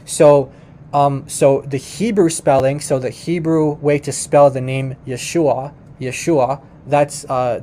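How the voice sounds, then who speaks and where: A man's voice: a little high, warm tone, a little hiss or hum. A man hosting a reaction video who talks casually over it and is emphatic when he corrects the claims in it.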